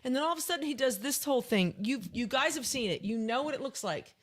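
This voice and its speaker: A woman's voice: high voice, lively intonation, fast talker. A woman in her fifties hosting a casual live podcast, telling stories and acting out other people's lines. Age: 50s. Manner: chatty storyteller, acts out quotes. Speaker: podcast co-host and musician.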